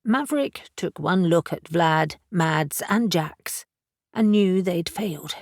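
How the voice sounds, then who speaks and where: A woman reading an audiobook as narrator, measured and even. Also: on the low side, no room sound, studio quality. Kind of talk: scripted narration.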